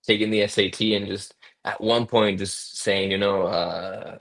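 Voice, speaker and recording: A man's voice: on the low side, flat delivery, moderate pace, a bit bright. A man on a business podcast explaining his company's survey tool, often restarting words and checking in with "right?". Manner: repeats words while explaining, asks "right?". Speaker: guest from a survey software company.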